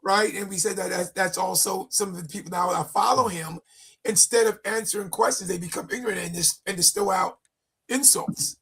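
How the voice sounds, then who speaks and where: A man with a high, gravelly voice co-hosts a relaxed faith discussion. He jokes, cuts in over the others, and talks with a husky edge. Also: a little fast. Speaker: podcast co-host. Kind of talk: casual chat.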